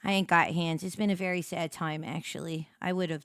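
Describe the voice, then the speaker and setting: A woman's voice: fairly low pitch, steady tone, fairly quick, fairly bright tone, clear, resonant tone, dry recording. A woman livestreamer chatting casually with her viewers, giggly and rambling, on a close desk microphone. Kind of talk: casual stream chat.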